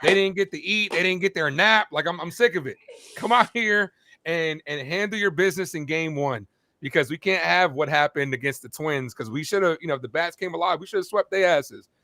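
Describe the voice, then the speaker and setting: A man's voice: on the high side, brisk, bright, forceful tone, no echo. A man co-hosting a casual sports podcast, talking as a fired-up, rambling baseball fan. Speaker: play-by-play streamer and co-host.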